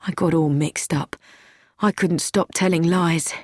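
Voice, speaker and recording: A woman's voice: fairly low pitch, steady tone, unhurried, darkish tone, dry recording, clean studio sound. A woman reading an audiobook, voicing a sad, anxious young man who pleads and pities himself. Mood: pleading. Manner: pleading, self-pitying.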